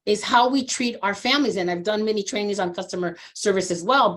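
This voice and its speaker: Animated woman social worker telling stories. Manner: animated storyteller who acts out quoted voices with big pitch jumps; earnest and reflective on personal topics. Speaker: interviewee, adoption social worker. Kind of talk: conversational interview, storytelling.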